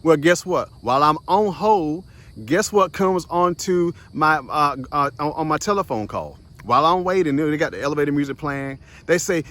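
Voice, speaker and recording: A man's voice: fairly high pitch, normal speed. A young man hosts a short motivational video series. He tells a personal story in a casual way, talks straight to his viewers, laughs often and acts out the other voices. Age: young adult. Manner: animated, chatty, addresses viewers directly as "y'all" and "guys".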